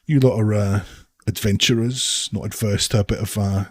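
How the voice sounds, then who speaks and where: A man voicing a jovial, well-liked male townsman who bargains hard for profit, by turns booming and conspiratorial. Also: steady tone, moderate pace, no echo, natural voice. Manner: boisterous, then leaning in to bargain.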